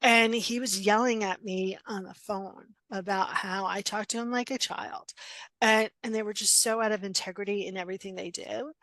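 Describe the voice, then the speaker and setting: A middle-aged woman coach, a guest on a casual podcast interview, tells stories bluntly and directly. Her mid-range voice moves at a moderate pace with no echo, and she's animated, acting out quoted dialogue and laughing often.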